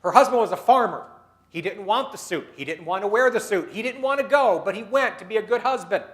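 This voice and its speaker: A man's voice: sits high, animated, fairly quick. A man delivering a keynote speech at a dinner meeting, telling stories and leading the audience through exercises. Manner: acts out quoted people in his stories. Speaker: keynote speaker.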